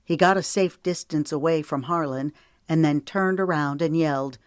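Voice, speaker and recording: Woman reading an audiobook, low voice, steady and measured, dry close mic. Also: no room sound. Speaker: audiobook narrator. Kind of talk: audiobook narration.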